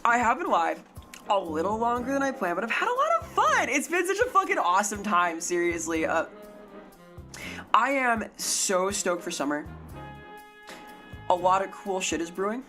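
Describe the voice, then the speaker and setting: A young adult woman streaming live, chatting casually with viewers and getting excitable and sweary when thanking them. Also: mid-range voice, moderate pace, pauses often. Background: faint music.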